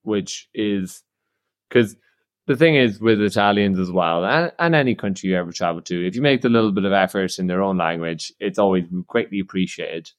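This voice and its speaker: A man's voice: low voice, normal speed. A young Irish man co-hosting a casual travel podcast, chatty and teasing, laughing often. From Ireland. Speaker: podcast co-host. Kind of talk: casual chat.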